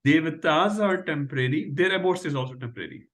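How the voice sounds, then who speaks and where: Man as a scripture class teacher, emphatic, slightly higher voice, keeps asking "huh?". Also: fast, a bit bright. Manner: emphatic, with rhetorical "huh?" tags and chuckles.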